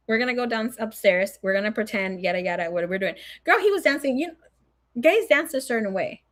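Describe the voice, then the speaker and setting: A young adult woman, telling a story in a casual, animated way, swearing a lot and acting out what people said. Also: on the high side, a little fast.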